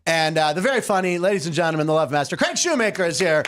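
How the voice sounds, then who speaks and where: A man's voice: fairly high pitch, fast, slight background noise. A man hosting a casual comedy sports podcast, laughing often and telling stories with energy. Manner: laughs often, animated storytelling. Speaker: host.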